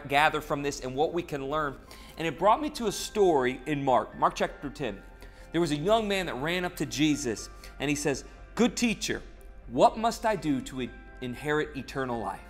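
A man's voice: fairly high pitch, moderate pace, a bit bright, faint music behind. A man speaking as a pastor in a short online devotional sermon, earnest and conversational, retelling scripture with animation.

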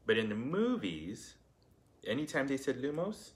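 A man's voice: medium pitch, sing-song, moderate pace. A man, a dad in a family vlog, chatting casually with a playful, hammy delivery.

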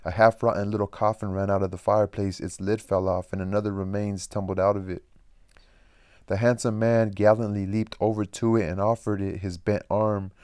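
A man reading a novel aloud in a plain, steady way, now and then stumbling and rereading a phrase. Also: lowish voice, clean tone, no room sound, studio quality. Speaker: audiobook reader.

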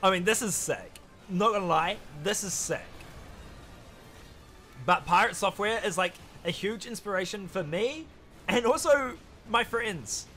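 A young man streaming live, reacting to clips in casual chat, excitable and openly emotional, swearing freely. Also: high voice, a little slow, slight background noise.

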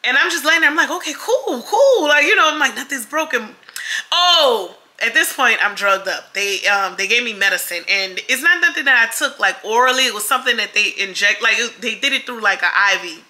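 A young woman tells her viewers a personal story in a relaxed vlog. Her voice is very bright and a bit high. She is animated and keeps acting out the other people's lines. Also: brisk, few pauses. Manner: animated, acts out quoted voices, addresses viewers as y'all. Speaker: vlogger.

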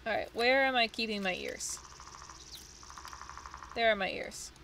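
A woman gamer talks over her play in a casual, musing way, thinking aloud and dropping the occasional swear. Her voice sits on the high side. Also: measured pace, pushed and bright, a little hiss or hum. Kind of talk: casual game commentary.

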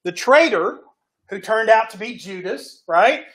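A man's voice: sits high, expressive, measured pace, a bit bright. A male pastor preaching a sermon in a folksy storytelling way, often checking in with "right?" and "okay?". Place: church sanctuary.

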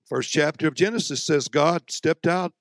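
A man preaching a fiery sermon, emphatic and folksy, with drawn-out phrases that swing between loud and hushed, plus joking asides to the congregation. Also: on the high side, no room sound. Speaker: visiting preacher.

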